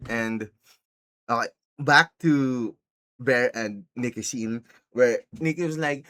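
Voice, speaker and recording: A man's voice: steady tone, a little slow, pauses often, a bit bright, no echo. A man casually recapping a film for his channel, rambling with many restarts, laughing often and acting out quoted lines. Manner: rambling, laughing, acts out quotes in high voices. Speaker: YouTuber reviewing a film.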